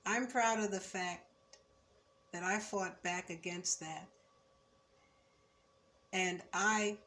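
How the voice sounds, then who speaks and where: An older woman in her seventies recalling her student years in a measured, reflective oral-history telling, turning firm when she speaks of injustice. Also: lowish voice, fairly bright tone, slight background noise. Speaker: former student recounting memories.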